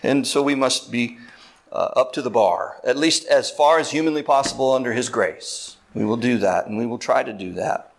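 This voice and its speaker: A man's voice: mid-range voice, creaky. Man preaching an earnest sermon. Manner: earnest, deliberate preaching with slow emphatic stretches; explains words step by step, asks listeners "right?". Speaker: pastor.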